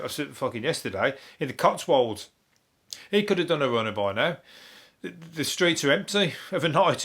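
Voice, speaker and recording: A man's voice: mid-range voice, a bit bright. A man with a Birmingham accent hosting a comic news review podcast, rambling through stories with constant swearing and laughing at his own jokes. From England. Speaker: comedian podcast host.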